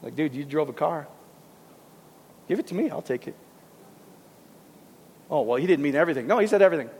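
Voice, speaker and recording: A man preaches a sermon, casual and animated, tossing asides to the congregation. His voice is gravelly and slightly husky, pitched a little high for a man. It carries a long reverb from a church hall.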